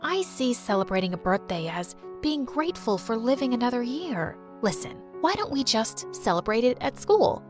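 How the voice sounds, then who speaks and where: A woman voicing a gentle, loving mother who speaks softly and soothingly. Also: fairly high pitch, big pitch swings, moderate pace, few pauses, over music. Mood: tender. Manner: soft, soothing.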